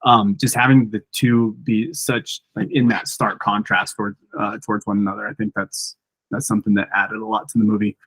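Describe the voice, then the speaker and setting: A man's voice: lowish voice, flat delivery, a little fast, a bit bright, husky, no room sound. A man co-hosting a film podcast, speaking steadily and guiding the conversation. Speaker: podcast co-host. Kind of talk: casual film discussion.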